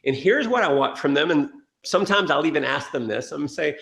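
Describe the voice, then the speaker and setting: A man giving an energetic sales training talk, telling stories and acting out quotes. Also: on the high side, quick pace, creaky, hardly any pauses, roomy sound. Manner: energetic storytelling with acted quotes. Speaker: motivational speaker.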